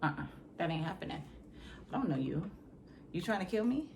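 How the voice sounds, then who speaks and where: A woman vlogger telling a story in a casual, slangy, animated way, acting out scenes with sound effects. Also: lowish voice, brisk, a little hiss or hum.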